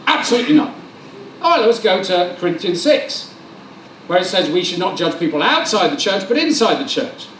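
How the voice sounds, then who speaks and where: A man preaching a sermon, his pitch high and swooping as he acts out dialogue and jokes with the congregation. His voice rings through a roomy church hall, picked up from a little way off the mic, with faint room ambience behind him. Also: fairly quick, far from the mic, a little hiss or hum. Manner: animated, joking, acts out dialogue. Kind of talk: lively sermon with storytelling.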